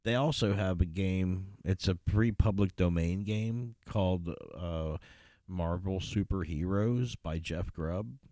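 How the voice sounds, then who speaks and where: A young man co-hosting a podcast, laid-back and quick to laugh in casual chat. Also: sits low, dark tone, no room sound, studio quality. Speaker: podcast co-host.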